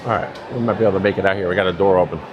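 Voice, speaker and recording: Low-pitched and steady in tone, a New York man speaks very fast as he rambles and laughs during a live stream. The dull audio comes from a handheld phone on his mobility scooter ride through a crowded theme park, with chatter and loud music all around.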